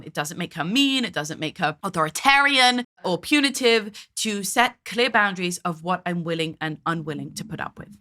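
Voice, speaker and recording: Bright, emphatic woman parenting host. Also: lowish voice. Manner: direct, emphatic, conversational. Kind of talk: commentary on parenting video clips.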